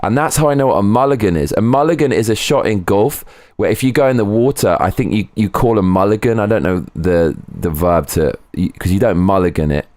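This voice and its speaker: A man's voice: on the low side, a little fast, darkish tone, no room sound. A man streaming live from home, chatting casually, rambling and swearing as he goes. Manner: rambling, swearing, breaks into sung snatches. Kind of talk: casual livestream chat.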